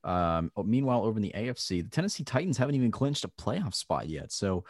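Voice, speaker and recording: A man's voice: on the low side, big pitch swings, quick pace, darkish tone. A man on a sports talk panel, hesitant and full of ums, but eager about his picks. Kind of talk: casual sports chat.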